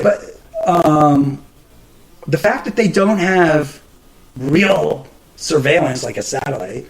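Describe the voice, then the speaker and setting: A man's voice: high voice, a little mellow, poor audio. A man hosting his own show, ranting about the news in a profane, exasperated way, with frequent stumbles and restarts. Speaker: podcast host. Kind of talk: casual ranting commentary.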